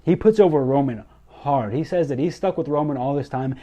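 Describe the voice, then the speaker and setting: Young man, wrestling recap, gushing, fairly high voice, mellow tone. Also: a little fast. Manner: excitable, gushing, repeats himself. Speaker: wrestling show reviewer. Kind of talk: enthusiastic recap commentary.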